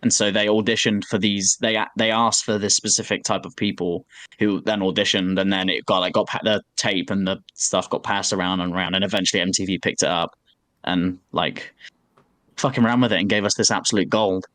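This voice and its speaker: A man on a podcast, chatting casually and telling an animated story full of swearing and "like" fillers. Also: deep voice, brisk, no room sound, studio quality. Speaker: podcast co-host. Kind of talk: casual chat.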